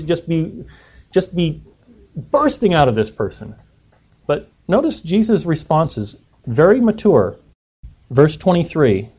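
A man's voice: a little high, warm tone. Man preaching on a dull lo-fi recording. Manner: conversational, asks the listeners rhetorical questions. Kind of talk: sermon.

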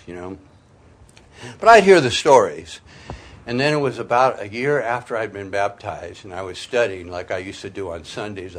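A man preaching a sermon, telling his own conversion story in a folksy way, swinging from quiet asides to loud, emphatic peaks. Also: fairly low pitch. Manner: folksy, sprinkles in "you know" and "man". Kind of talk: sermon with personal testimony.

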